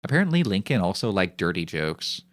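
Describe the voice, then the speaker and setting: Male streamer, young adult, low voice, lively intonation, crude joking banter. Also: fairly quick. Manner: joking, rambling, profane banter. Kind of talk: casual chat on a live stream.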